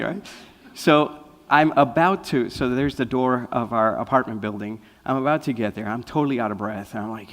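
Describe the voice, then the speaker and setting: A man's voice: medium pitch, moderate pace. Man telling stories in a reverberant hall. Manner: lively storyteller, often asking "right?". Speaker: guest speaker. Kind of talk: anecdotal inspirational talk. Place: spiritual center hall. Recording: long reverb of a large hall.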